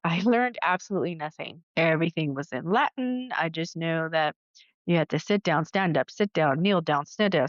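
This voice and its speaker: A woman podcast host tells stories from her own life in a loose, chatty monologue. Her voice sits fairly low, and the sound is dry and a little dull. She acts out quoted voices along the way. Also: dry recording. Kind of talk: casual storytelling monologue.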